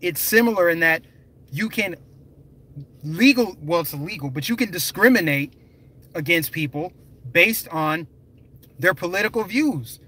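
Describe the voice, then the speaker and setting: A man's voice: high voice, animated, measured pace, long pauses, sharp tone, husky, low-quality recording. A young man live streaming, talking emphatically and directly to his viewers in a conversational way. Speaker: political vlogger.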